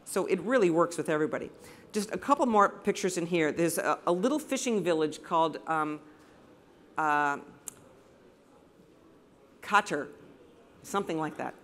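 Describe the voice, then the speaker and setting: A woman's voice: lowish voice, lively intonation, moderate pace, long pauses, a bit bright. A woman from the United States, a photographer giving an enthusiastic, anecdotal slide presentation to a live audience in a room.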